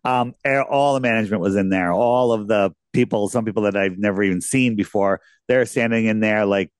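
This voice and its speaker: A man's voice: fairly low pitch, a little fast, hardly any pauses, no room sound, studio quality. A man being interviewed as a guest, telling casual, rambling anecdotes with lots of restarts.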